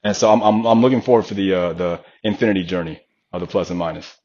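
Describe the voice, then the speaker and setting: A fitness coach in his thirties talks quickly in a deep voice during a casual podcast conversation, the audio's highs cut off. He's an animated storyteller who acts out the voices of the people he quotes.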